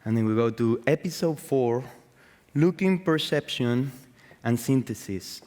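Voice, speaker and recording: A man with as his gives a live talk about his art, swearing freely and piling up fillers, false starts and repeated words. His voice sits at a middle pitch and carries a long reverb from a large event hall. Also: a little slow. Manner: profane, excitable, full of fillers and restarts. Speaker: artist giving a talk.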